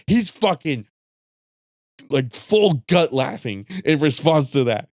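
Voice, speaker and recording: A man on a stream tells a story in a loose, profane rant, breaking into laughter again and again. His pitch jumps up and down with plenty of life, and the sound is dry with no room around it. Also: a little slow, no room sound. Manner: profane, laughing often, animated.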